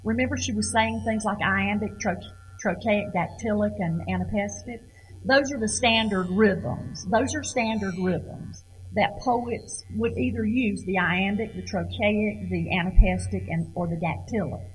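A middle-aged woman giving an informal lecture on poetry, halting and repeating words as she questions her audience. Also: medium pitch, slight background noise, poor audio.

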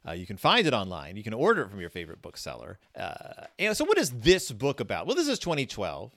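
A man's voice: fairly low pitch, huge pitch swings, quick pace, a bit bright. A man hosting a casual book-review podcast, talking in a chatty, rambling way with many fillers and restarts. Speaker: podcast host reviewing children's books. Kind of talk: casual chat.

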